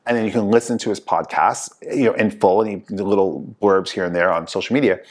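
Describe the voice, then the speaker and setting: A man hosting a casual talk show, telling lively stories and acting out the people he quotes. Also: on the low side, fast. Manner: animated storyteller, acts out quoted people. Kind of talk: casual chat.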